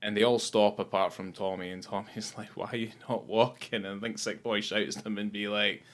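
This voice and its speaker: A man's voice: lowish voice, level tone, brisk, fairly bright tone. A man with a Scottish accent, co-hosting a casual film podcast, loose and sweary, acting out lines from scenes. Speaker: podcast co-host.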